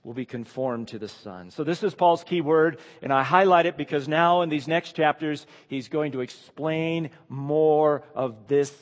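A man preaching a sermon with earnest emphasis, often dropping to a quiet, hushed delivery. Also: fairly high pitch, a little slow, hardly any pauses, long reverb tail. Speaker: pastor.

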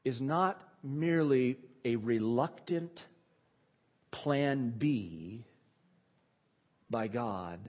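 A man's voice: medium pitch, lively intonation, very slow, pauses often, darkish tone, big-room sound. A male pastor preaching a sermon, emphatic and repeating key phrases for stress.

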